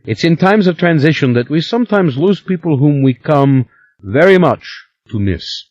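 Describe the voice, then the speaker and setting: A man reading an audiobook, voicing a big, calm man with a Scandinavian accent who speaks in a low, conciliatory way. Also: moderate pace, no echo, dull audio.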